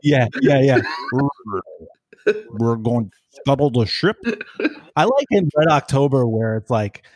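Dude cohosting a podcast, swears a lot, rambles and jokes, mid-pitched voice, dry close sound. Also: male voice, sing-song, a little slow, darkish tone, dry recording. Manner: profane, rambling, jokey. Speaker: podcast co-host. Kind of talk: casual chat.

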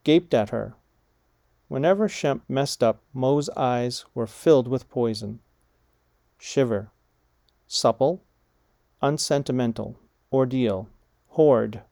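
A man slowly reading vocabulary words and example sentences aloud, deliberate and measured, spelling out punctuation like commas and hyphens. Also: medium pitch, gravelly, warm tone, dry recording, studio quality. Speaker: vocabulary reader. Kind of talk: slow dictation of vocabulary words and phrases.

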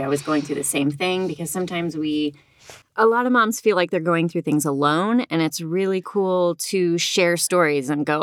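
Woman podcast co-host, a mother, earnest and giggly, lowish pitch, dry sound. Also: dry recording. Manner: earnest, self-deprecating, giggly. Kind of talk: casual podcast chat.

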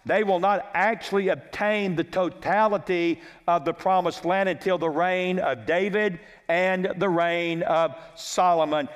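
High-voiced pastor in a reverberant hall. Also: male voice, clear, resonant tone. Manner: methodical, lists chapter and verse references; repeats key lines for emphasis. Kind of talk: expository sermon. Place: church sanctuary. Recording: long church hall reverb.

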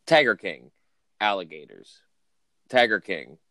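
Deep-voiced man, dry deadpan podcast chat. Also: a little slow, dry recording. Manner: dry, deadpan complaining with playful put-on bits. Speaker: podcast co-host. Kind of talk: casual chat. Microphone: remote call.

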